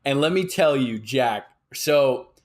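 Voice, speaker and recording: A man of middle pitch hosting a chatty podcast. He talks haltingly, stopping on uhs as he steers the conversation. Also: lively intonation, slight background noise. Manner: halting, asks questions with many uhs. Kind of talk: casual chat.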